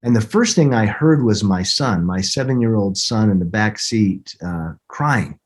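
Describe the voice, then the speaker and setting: Appearing as a guest on a podcast, this husky-voiced, middle-aged man recounts something from his own life. His pitch is on the low side with lively intonation, and his earnest delivery stumbles through many restarts.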